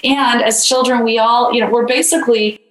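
A woman's voice: a little high, fairly even intonation, normal speed, reverberant, poor audio. A woman guest author in an interview, telling a story in a loose conversational way with many fillers.

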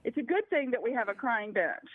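A woman's voice: a little high, big pitch swings, fairly quick, no echo. A woman calling in to a talk radio show, telling a story in a chatty, laughing way. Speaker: caller. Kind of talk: phone-in call on talk radio. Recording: tinny phone line.

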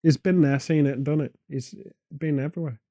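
A man co-hosting a comedy podcast, rambling through absurd deadpan tangents in casual chat. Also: on the high side, brisk, no echo. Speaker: podcast co-host.

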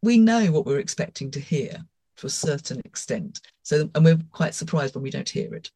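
A woman co-hosting a podcast in casual chat, talking emphatically in quick, confident bursts. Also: deep voice, lively intonation, dark tone, slightly rough, no echo. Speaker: podcast co-host.

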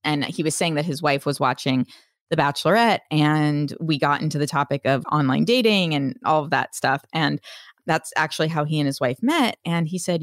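A young adult woman hosting a podcast in casual chat, frank and quick to laugh, swearing freely. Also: low-pitched, no room sound, studio quality. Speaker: podcast host.

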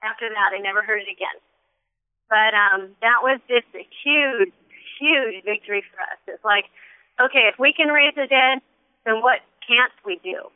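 A woman earnestly recounting a personal faith testimony, animated and acting out quotes as she tells it. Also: on the high side, normal speed, clear, resonant tone, no echo. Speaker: guest sharing a testimony. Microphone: telephone. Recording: tinny phone line.

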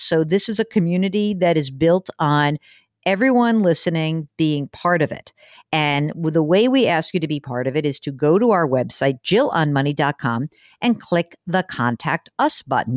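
A woman in her fifties hosting a finance podcast, chatting in a casual, quick way with asides and laughs. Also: sits low, no echo, studio quality. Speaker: podcast host. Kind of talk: casual chat.

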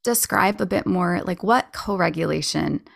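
A woman hosting a podcast, chatty and animated as she prompts her guest. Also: lowish voice, creaky. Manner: animated, chatty, quick to laugh. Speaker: podcast host. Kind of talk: casual interview chat.

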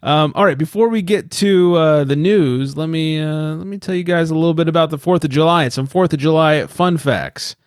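A man's voice: fairly high pitch, moderate pace, hardly any pauses, no room sound, studio quality. A man co-hosting a podcast in casual chat, joking and rambling and swearing now and then. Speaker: podcast co-host.

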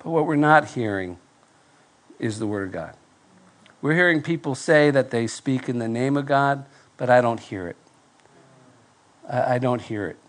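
A male pastor preaching to a live congregation, telling a self-deprecating story in a nasal, fairly monotone voice with halting restarts. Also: mid-range voice. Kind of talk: sermon with personal story. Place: church before live congregation.

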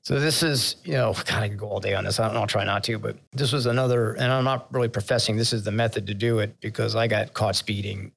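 A man's voice: fairly low pitch, fairly even intonation, fast talker, gravelly, hardly any pauses, a bit bright. An older man, a retired naval officer, telling candid leadership stories in an interview, laughing at himself and getting choked up. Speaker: retired vice admiral, podcast guest. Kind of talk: conversational storytelling interview.

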